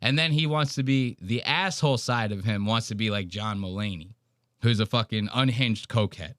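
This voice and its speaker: A man's voice: lowish voice, moderate pace, fairly bright tone, dry recording, clean studio sound. A man co-hosting a podcast, talking in casual, mocking banter and swearing freely. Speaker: podcast co-host.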